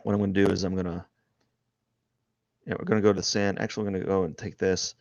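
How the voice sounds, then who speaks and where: A man streaming live as he draws, rambling and thinking aloud, restarting his sentences and often trailing off quietly. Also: low voice, flat delivery, fast talker, creaky, no echo, highs cut off. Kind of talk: casual live-stream narration while drawing.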